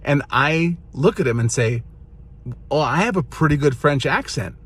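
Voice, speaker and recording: Husky man telling a comic story. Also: a little high, normal speed. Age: 30s. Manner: animated, building to excited punchlines.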